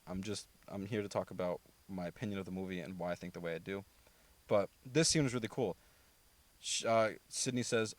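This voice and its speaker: A man hosting a podcast, rambling casually through a movie review with many fillers and self-corrections. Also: dry recording. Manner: mimics characters with animated pitch jumps. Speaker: podcast host.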